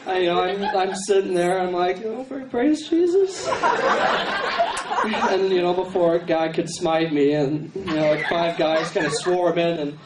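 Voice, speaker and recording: Rambling young stand-up comedian. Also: male voice, sits high, little pitch movement. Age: young adult. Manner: rambling, halting storytelling with many fillers. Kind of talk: stand-up routine. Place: university contest stage, live audience. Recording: echoey hall, distant camera, crowd, noise.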